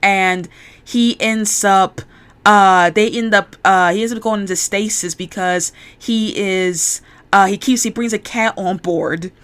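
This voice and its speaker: A woman's voice: mid-range voice, steady tone, measured pace, fairly bright tone, clear, resonant tone. A woman chatting casually, retelling a show's plot in a rambling, enthusiastic way with many restarts. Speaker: YouTuber. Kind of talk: casual chat, show recap.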